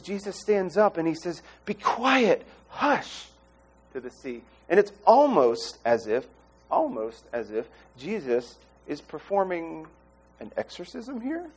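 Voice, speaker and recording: A pastor delivering a sermon in an animated, expressive way, often acting out the people he quotes. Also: mid-range voice.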